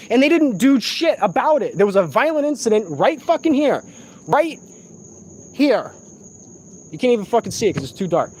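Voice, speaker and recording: A man's voice: extremely high pitch, darkish tone. A sleep-deprived man in an agitated, profane rant, speaking in a room of a shared home late at night. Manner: agitated, profane, repetitive ranting.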